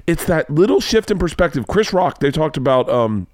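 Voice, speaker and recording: A man's voice: high-pitched, a little fast, few pauses, no room sound, studio quality. A man hosting a casual podcast chat, telling stories with lots of energy and acting out other people's lines in a raised voice. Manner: animated, acts out quotes in a raised voice, swears. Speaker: podcast host. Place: home studio.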